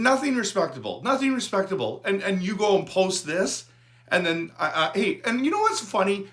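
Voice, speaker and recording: A man hosting a fan channel, ranting about a sports figure in an animated, repetitive way. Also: high-pitched. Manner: animated, repetitive, restarts words. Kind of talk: fired-up fan rant to camera.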